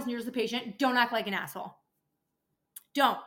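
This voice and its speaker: A woman's voice: fairly high pitch, a little fast, a bit bright. A young adult woman hosting a casual podcast, ranting and swearing freely as she gets worked up. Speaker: podcast host, dental office worker.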